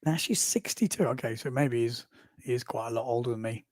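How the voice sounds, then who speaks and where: This man in his forties hosts a casual livestream, rambling and chatting through results with self-amused asides. His medium-pitched voice is brisk and a little mellow, captured in a dry, clean studio recording.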